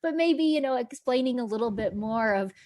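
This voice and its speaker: A woman psychologist, guesting in a conversational podcast interview, speaks earnestly and enthusiastically. Her voice is fairly high and darkish, brisk with lively intonation, and she often repeats words as she begins a thought.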